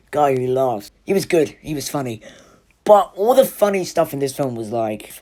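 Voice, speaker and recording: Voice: medium pitch, a little mellow. A film reviewer giving a casual spoiler review, chatty and full of "like" and "you know.".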